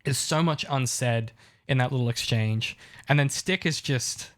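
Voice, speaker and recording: A man's voice: mid-range voice, measured pace. Guy cohosting a tv podcast, eager, picks apart the writing, casual. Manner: enthusiastic, lots of restarts. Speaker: podcast co-host. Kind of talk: casual analytical chat.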